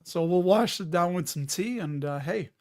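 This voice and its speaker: Man, livestream host, high voice, rambling, jokey, casual chat. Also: normal speed. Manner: rambling, jokey, loses his train of thought.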